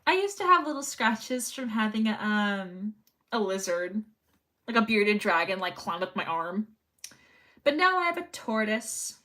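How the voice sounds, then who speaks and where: A woman's voice: mid-range voice, very animated, measured pace, pushed and bright. A young woman chatting casually on a livestream while sewing, rambling and reading chat messages aloud. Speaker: live streamer.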